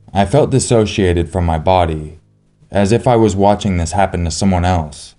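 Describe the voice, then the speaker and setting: A man giving a slow, solemn scripted narration of a true horror story. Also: low voice, dark tone.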